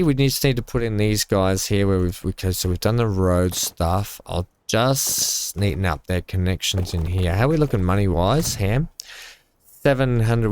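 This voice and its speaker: A man with a fairly low voice talks his way through a building game from home. He rambles, cracks small jokes and thinks out loud at an easy, casual pace. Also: a little hiss or hum. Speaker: gaming channel host. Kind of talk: casual let's-play commentary.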